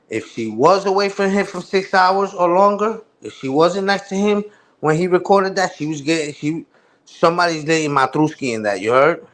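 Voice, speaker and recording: Heated New man ranting on stream. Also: a little high. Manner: animated, heated, profane street slang. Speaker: livestream host. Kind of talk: casual livestream rant.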